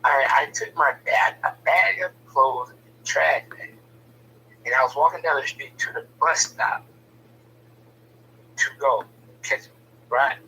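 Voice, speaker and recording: Blunt, bright-voiced man telling a story. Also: mid-range voice, measured pace, pauses often, distant mic, slight background noise, rough recording. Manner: blunt, profane, repeats words when starting sentences. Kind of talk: casual personal storytelling.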